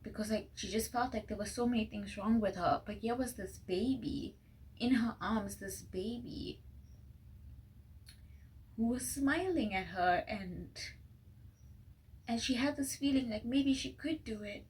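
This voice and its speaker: A young woman reading tarot cards in a casual, earnest way, recorded on a phone, sometimes dropping into soft whispered asides. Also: fairly high pitch, unhurried, long pauses, poor audio. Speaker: tarot reader. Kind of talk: casual pick-a-card reading. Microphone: phone microphone.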